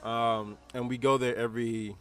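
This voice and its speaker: A man's voice: mid-range voice, moderate pace, soft background music. Laid-back man telling a story. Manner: relaxed rambling storyteller with many fillers. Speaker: podcast co-host. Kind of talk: casual storytelling chat.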